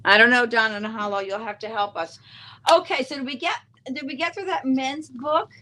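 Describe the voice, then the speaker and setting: A woman's voice: on the high side, fairly quick, bright, forceful tone. A middle-aged woman hosting a casual live knitting show, chatty and giggly, reading out viewer comments. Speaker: host.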